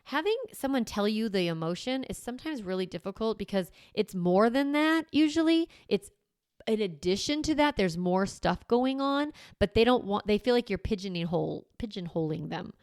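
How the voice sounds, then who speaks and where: A woman host coaching parents in a relaxed podcast chat. Her mid-pitched voice carries a touch of vocal fry. She bounces into little role-played lines to a child, recorded close and dry with no room sound. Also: normal speed, no echo. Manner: animated, acts out what she would say to a child.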